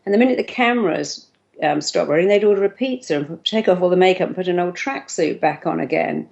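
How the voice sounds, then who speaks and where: A woman's voice: on the low side, creaky, muffled recording. A woman therapist giving a motivational talk, acting out the voices of the people she quotes. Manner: lively, acts out quoted voices.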